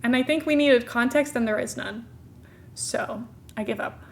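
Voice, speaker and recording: A woman's voice: a little high, moderate pace. A young woman streamer chatting casually, giggling often and poking fun at herself. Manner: giggly, self-mocking, chatty. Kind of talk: casual live-stream commentary.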